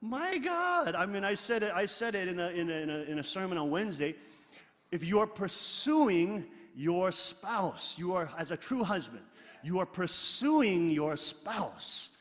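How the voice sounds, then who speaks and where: Middle-aged male pastor, high voice, emphatic sermon delivery, long hall reverb. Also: expressive, unhurried. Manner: emphatic, swings between loud exclaiming and quiet asides; leads the congregation in reading scripture aloud.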